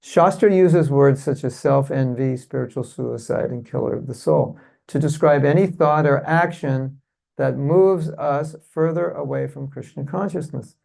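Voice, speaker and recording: A man's voice: medium pitch, a little slow, vocal fry, darkish tone. A man teaching a devotional seminar to a live audience, often asking rhetorical questions and leading the room in repeating phrases. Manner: rhetorical, keeps asking "isn't it?"; leads the audience in call-and-response. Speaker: seminar speaker. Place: temple hall with an audience.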